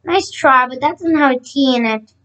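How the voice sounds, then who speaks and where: A cheerful, encouraging schoolteacher from a children's book, put on by a woman reading aloud. Her voice sits high and lifts brightly when she praises the class, with the odd slip and restart. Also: moderate pace. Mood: upbeat. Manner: reads with slips and restarts.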